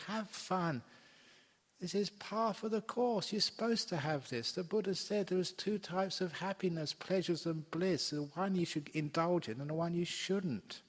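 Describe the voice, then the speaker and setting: An older man gives a Buddhist dharma talk, storytelling with playful asides and laughter. His pitch sits at an ordinary male middle. The sound carries a long reverb, as in a large hall. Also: a bit bright. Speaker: Buddhist monk teaching a retreat.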